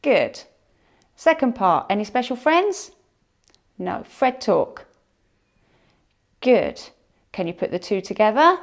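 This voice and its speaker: A woman teaching a phonics lesson to young children, sounding out words slowly and encouraging them. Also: fairly high pitch, sing-song, gravelly. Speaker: primary school teacher.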